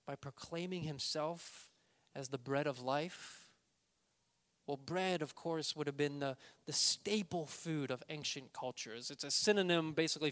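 Emphatic male preacher, fairly high voice. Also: pushed and bright. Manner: emphatic preaching, slows down and stresses key words. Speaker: pastor. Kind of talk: sermon.

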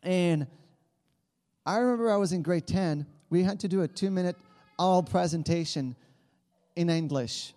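A man's voice: high-pitched, moderate pace, pauses often, dark tone, in a large hall. A man in his thirties from Quebec with a Quebec French accent, a native French speaker giving an earnest church talk as a campus missionary. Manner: earnest, with many restarts.

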